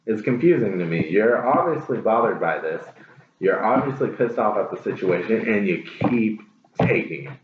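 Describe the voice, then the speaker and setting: A man's voice: fairly low pitch, very animated, moderate pace. A man giving a casual tarot reading, blunt and profane, repeating his phrases for emphasis. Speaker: tarot reader. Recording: roomy, dull lo-fi with clear hiss.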